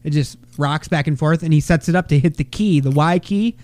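A man in his thirties hosts a crude comedy podcast in a high, bright-sounding voice. He rambles, swears freely and breaks into loud bursts when quoting people. The sound is close and dry. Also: a little fast, dry recording. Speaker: podcast host.

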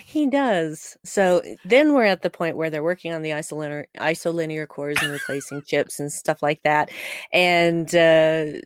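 A woman's voice: low voice, normal speed, smooth, no echo. Woman co-host recapping an episode, chatty, does little character voices, dry close mic. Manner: animated storytelling, acts out quoted characters. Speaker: podcast co-host. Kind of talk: casual episode recap chat.

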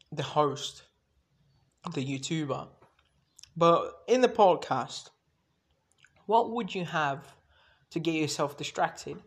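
A man's voice: on the high side, a bit bright. Rambling, swearing male podcaster. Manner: rambling, swears freely, jumps between subjects, acts out mock dialogue. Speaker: solo podcast host. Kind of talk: casual solo monologue.

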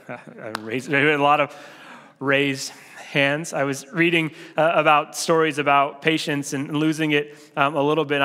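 A man giving a sermon as pastor, talking in a relaxed, conversational way with frequent filler restarts. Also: mid-range voice. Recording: long hall reverb.

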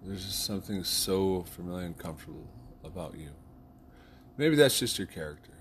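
A man's voice: deep voice, animated, normal speed, a little hiss or hum. Rambling man talking with food in mouth. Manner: rambling, loose and just-woken; talks while eating. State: sleepy after a nap. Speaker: vlogger. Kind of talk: casual video message.

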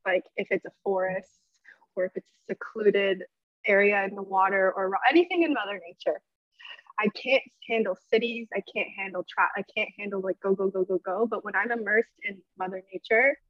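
A woman's voice: mid-range voice, normal speed, no echo. Podcast guest, woman, earnest and emotional; slightly lo-fi and dry recording. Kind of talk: casual interview chat. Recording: dull, slightly lo-fi sound.

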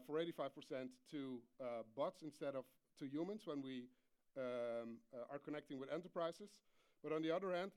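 Clear-voiced man giving a talk. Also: a little high. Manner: hesitant, many fillers, light humor. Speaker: conference speaker. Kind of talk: conference presentation.

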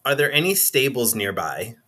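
A man's voice: medium pitch, very animated, moderate pace, bright, forceful tone. A man playing a tabletop role-playing game, laid-back and casual, with frequent ums. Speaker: player.

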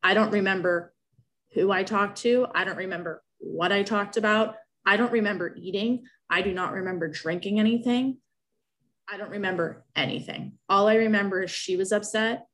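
A woman's voice: medium pitch, moderate pace, a bit bright. Young woman telling an emotional story. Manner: emotional, rambling, with many restarts. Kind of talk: casual personal storytelling.

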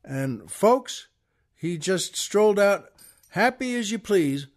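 Male host with a folksy, chatty storytelling manner and a voice pitched a bit high. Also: expressive, slow. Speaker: podcast host. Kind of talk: storytelling monologue.

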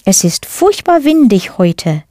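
A woman teaching a language lesson in a clear, careful scripted delivery, spelling out words as she goes. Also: medium pitch, big pitch swings, a little slow, dark tone, no room sound, clean studio sound.

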